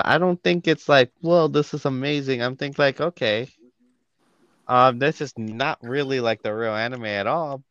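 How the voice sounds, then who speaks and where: A man co-hosting a casual podcast chat, opinionated and animated, with lots of fillers. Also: mid-range voice, no room sound, highs cut off. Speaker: podcast co-host.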